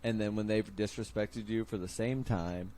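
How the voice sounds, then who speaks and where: A man's voice: lowish voice, fairly even intonation, moderate pace, dark tone, a little hiss or hum. A young adult man hosting a casual podcast, talking bluntly with heavy swearing and acting out quoted lines. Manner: blunt, profane, acts out quotes. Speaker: podcast host.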